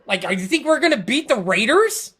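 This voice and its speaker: A woman's voice: fairly high pitch, very animated, brisk, heavy background noise. A woman hosting a podcast, ranting in a casual, frustrated way about her football team, rambling and stammering through restarts. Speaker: podcast host. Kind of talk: casual sports rant.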